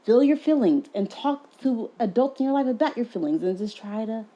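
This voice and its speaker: A mother with a mellow, warm voice talks earnestly in a podcast chat and often affirms what she hears. The recording sounds dull and lo-fi. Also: on the high side, animated, normal speed. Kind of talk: conversational podcast interview.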